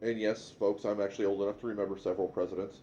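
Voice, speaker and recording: A middle-aged man co-hosting a talk show, speaking in a measured way with some stumbles as he gives his opinions. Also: lowish voice, flat delivery, mellow, highs cut off. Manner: measured, hesitant, repeats words. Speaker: co-host. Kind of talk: casual political chat.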